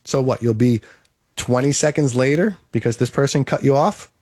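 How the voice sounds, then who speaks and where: A man's voice: medium pitch, moderate pace, a little mellow, no room sound, clean studio sound. A man giving an emphatic, repetitive motivational monologue, coaching the listener.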